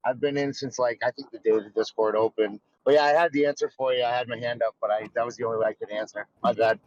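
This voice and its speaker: A man's voice: medium pitch, fast talker, dry recording, highs cut off. American man calling in from his car. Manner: animated, stumbling. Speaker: caller from the audience. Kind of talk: casual chat. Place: in a car while driving.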